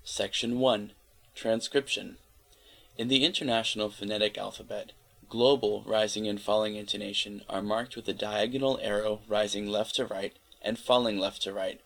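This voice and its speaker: Man, gravelly voice, lowish pitch, steady careful read-aloud narration. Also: poor audio. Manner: steady, careful reading, spelling out letters. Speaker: volunteer reader of an encyclopedia article.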